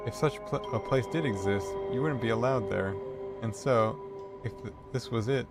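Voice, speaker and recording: A man's voice: mid-range voice, normal speed, over loud music, natural voice. A man doing a prim older librarian lady. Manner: sweetly evasive, calls people dearie.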